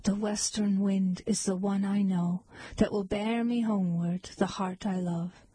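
A woman's voice: medium pitch, steady tone, measured pace, breathy edge, dry recording. A woman reading as a sorrowful young maiden. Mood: mournful. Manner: soft, murmuring lament. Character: sad young maiden longing for her love.

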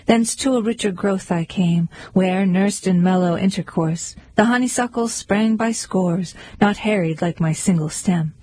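A woman reciting poems aloud in a rhythmic, measured way. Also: medium pitch, warm tone, a little hiss or hum, poor audio. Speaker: poetry reader. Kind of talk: recited poetry reading.

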